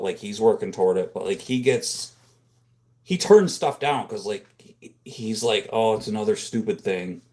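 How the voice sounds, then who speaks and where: A man hosting a casual livestream from a home room, rambling and filling his talk with "dude" and "like," close on a boom-mounted microphone. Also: darkish tone. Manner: rambling, filler-heavy, says "dude" and "like" a lot. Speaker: livestream host. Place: home room full of computer monitors.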